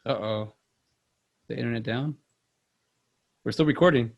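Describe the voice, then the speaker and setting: Creaky-voiced man rambling on a podcast. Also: mid-range voice, unhurried, highs cut off. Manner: rambling, self-deprecating, many restarts. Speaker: podcast host. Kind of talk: casual chat.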